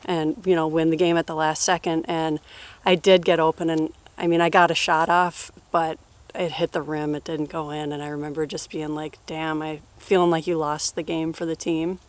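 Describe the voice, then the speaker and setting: A woman in her thirties answering personal questions in a relaxed, rambling way, full of fillers and laughs. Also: low voice, moderate pace. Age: 30s. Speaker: interviewee. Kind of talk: casual personal Q&A.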